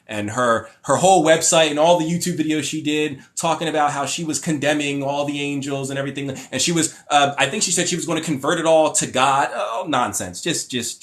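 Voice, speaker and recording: A young man talks off the cuff on a livestream, reading viewer comments aloud and answering them. His voice sits at an ordinary pitch, and he rambles, stops to restart sentences, and gets worked up when he disagrees. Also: fairly bright tone. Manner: rambling and opinionated, with frequent fillers and restarts; mocking voices when paraphrasing others. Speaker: livestream host.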